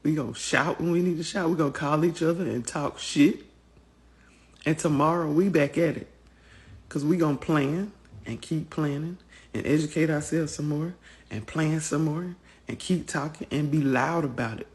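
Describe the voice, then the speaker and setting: A woman's voice: sits low, normal speed, darkish tone. A woman giving a rallying, defiant pep talk to her viewers in rhythmic, repeated phrases. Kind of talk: motivational address to viewers.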